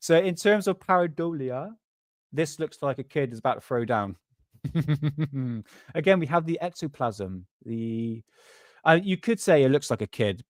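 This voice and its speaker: A man's voice: medium pitch, lively intonation, unhurried, long pauses, dry recording, studio quality. Cheeky, rambling man on livestream. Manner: rambling, laughing, cheeky, swears freely. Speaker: host of a paranormal livestream. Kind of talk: casual livestream chat.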